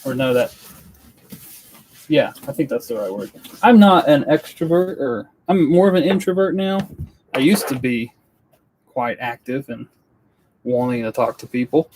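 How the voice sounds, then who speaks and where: A man's voice: medium pitch, expressive, a little slow, long pauses, a little mellow. A young man from Western North Carolina chatting casually to viewers on a live stream in his studio, rambling and earnest. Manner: rambling, earnest, self-interrupting. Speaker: woodworking YouTuber on a live stream. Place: indoor studio workspace.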